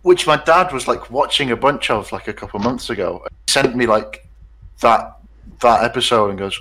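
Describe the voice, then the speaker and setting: A man chatting casually with friends, telling a story quickly with lots of fillers and restarts. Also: medium pitch, a bit bright, poor audio. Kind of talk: casual group chat.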